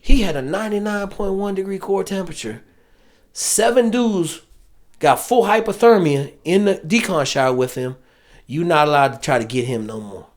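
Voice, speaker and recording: Speaking in a high-pitched voice at a moderate pace, a man who used to be a Navy SEAL swaps casual, swear-filled stories. He gets animated, frequently performing the quoted dialogue of others.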